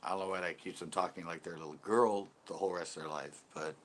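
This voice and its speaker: Low-pitched and steady, a fishing channel host talks fast with a slightly bright tone. His casual stream is full of meandering anecdotes, frequent laughter, and viewer messages read out loud.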